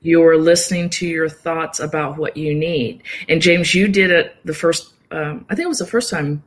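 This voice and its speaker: A woman guest in an interview, talking calmly and explaining at length, now and then acting out short quoted thoughts. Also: sits low, normal speed. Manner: calm, explanatory, acts out little quoted inner voices. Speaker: yoga nidra practitioner and guest. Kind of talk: casual interview conversation.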